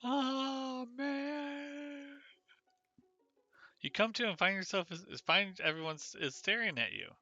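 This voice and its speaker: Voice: medium pitch, expressive, quick pace, few pauses, pushed and bright, no echo, lo-fi sound, faint music behind. Playful streamer reading a dating game aloud. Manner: playful, self-mocking, laughs at own mistakes.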